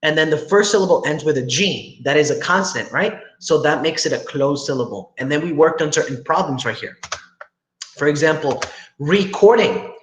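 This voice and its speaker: A man's voice: a little high, lively intonation, normal speed, fairly bright tone. A young man teaching a class over a video call, explaining step by step and often asking "right?" to check that students follow. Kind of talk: online class instruction. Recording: echoey room with faint noise.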